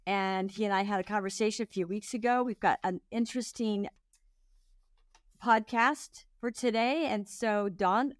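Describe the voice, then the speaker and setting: A woman's voice: medium pitch, normal speed, dry recording, studio quality. A woman hosting a podcast interview, speaking in a friendly, conversational way. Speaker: podcast host.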